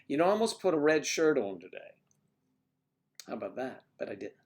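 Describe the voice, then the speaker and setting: A man's voice: medium pitch, big pitch swings, a little fast. A man hosting a casual livestream, chatting with viewers and reading their comments, teasing and muttering asides to himself.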